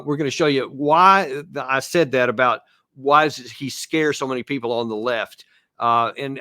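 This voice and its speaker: A man's voice: mid-range voice, a bit bright, dry recording, clean studio sound. A man hosting an online political talk show who rambles and hesitates, with lots of fillers, and gets worked up. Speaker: host.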